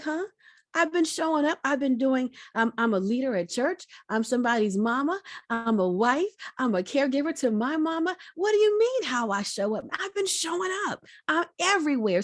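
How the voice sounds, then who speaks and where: High-voiced motivational woman with lilt. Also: no echo, clean studio sound. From Virginia, United States. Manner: lively, preacherly, talks straight to the audience. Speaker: guest speaker. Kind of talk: motivational talk.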